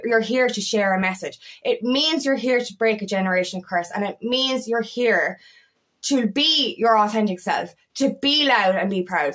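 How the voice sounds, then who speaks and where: A woman's voice: a little high, fairly bright tone. A woman coaching others in an impassioned vlog monologue, emphatic and full of swearing, repeating herself to drive her points home. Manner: emphatic and heavily profane, with insistent repetition. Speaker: feminine empowerment coach.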